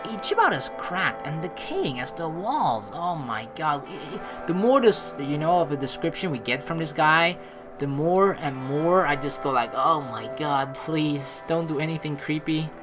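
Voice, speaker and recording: Animated woman reading a game aloud. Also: low-pitched, normal speed, over music, poor audio. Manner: animated, sarcastic, swearing asides. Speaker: let's play host. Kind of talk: reading a visual novel aloud with commentary.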